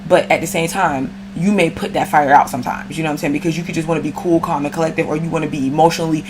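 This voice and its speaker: A woman with a fairly low voice gives a casual astrology reading. She talks in a loose, slangy, chatty way and speaks straight to her listener, with a faint hum behind her. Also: steady tone, rapid-fire. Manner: slangy, chatty, addresses viewer directly. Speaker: astrology reader.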